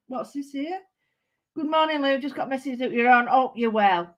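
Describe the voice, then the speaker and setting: A woman with a Manchester accent hosting a live craft stream, chatting warmly to viewers and greeting them by name. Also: high-pitched, normal speed. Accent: Mancunian. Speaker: craft channel host.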